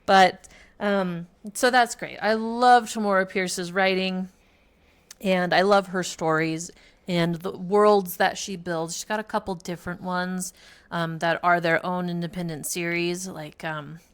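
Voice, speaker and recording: A woman's voice: on the low side, steady tone, unhurried, clean tone. A middle-aged woman chatting casually about books, rambling and correcting herself. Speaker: book reviewer, mother. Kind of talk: casual book chat.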